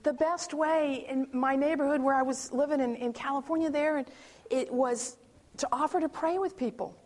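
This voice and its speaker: A woman sharing a personal testimony as an animated story, acting out quotes and often restarting her sentences. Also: sits high, moderate pace.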